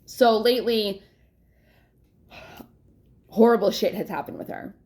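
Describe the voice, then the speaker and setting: A woman's voice: mid-range voice, steady tone, measured pace, darkish tone. A young adult woman talking candidly in a casual personal vlog, rambling, swearing often and laughing between thoughts. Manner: yawns to catch her breath. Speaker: vlogger.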